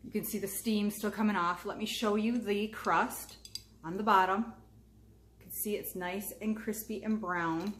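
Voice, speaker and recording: A woman's voice: mid-range voice, steady tone, normal speed. A woman hosting a casual cooking demonstration, chatty and enthusiastic as she talks straight to her viewers from a home kitchen. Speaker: cooking channel host. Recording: echoey room with faint background noise.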